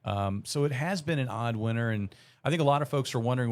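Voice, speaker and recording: A man's voice: medium pitch, a little fast, darkish tone. Rambling man explaining the weather outlook. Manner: rambling, explanatory, many fillers. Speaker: meteorologist. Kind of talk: live severe weather broadcast.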